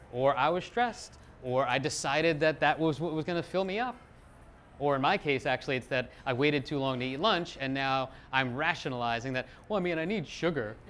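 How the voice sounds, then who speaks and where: A middle-aged man speaks to a live audience in a slightly high voice, lively and self-mocking. He acts out quoted lines as he goes. A faint hiss sits under the recording. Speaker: psychologist giving a talk.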